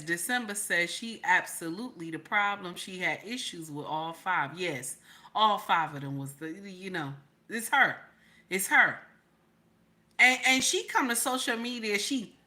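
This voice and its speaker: Reacting live to a clip, a woman reads her chat aloud, loud and laughing as she repeats her questions again and again. Her voice is fairly low in pitch and her pace is measured.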